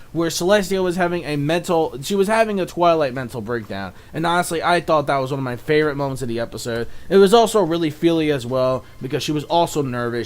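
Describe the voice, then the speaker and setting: A young man reviewing a cartoon episode in casual, rambling talk, excitable and profane, full of fillers, now and then mock-shouting in a high, exasperated voice. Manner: rambling, excitable, swears a lot, fills with "like" and "you know".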